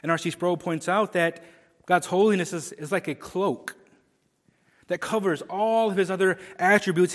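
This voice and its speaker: A man preaching a sermon, emphatic, swinging between loud proclamation and hushed low lines. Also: big-room sound.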